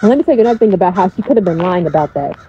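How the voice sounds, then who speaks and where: A woman's voice: on the low side, lively intonation, rapid-fire, mellow, highs cut off, a little hiss or hum. A woman coach speaking in a casual, blunt storytelling style, swearing freely.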